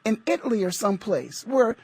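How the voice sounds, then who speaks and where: A man's voice: high voice, very animated, a little fast, husky, no echo. A middle-aged man from the United States hosting a radio talk show, speaking in an emphatic, preachy and repetitive way.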